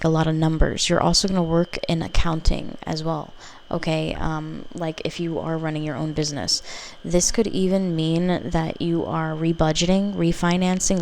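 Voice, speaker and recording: Woman, tarot reader, low flat voice, rambling, casual card reading. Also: creaky. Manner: rambling and intuitive, heavy with filler words.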